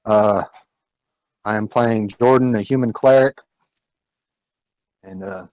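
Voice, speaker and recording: Male player, halting, slow, dry close sound. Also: lowish voice, darkish tone, dry recording, rough recording.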